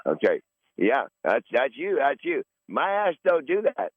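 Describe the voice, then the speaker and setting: A man's voice: medium pitch, huge pitch swings, unhurried, breathy edge, dry recording. A man in his sixties hosting a podcast, talking in a casual, rambling monologue full of profanity and repeated words. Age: 60s. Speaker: podcast host. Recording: dull lo-fi dry recording.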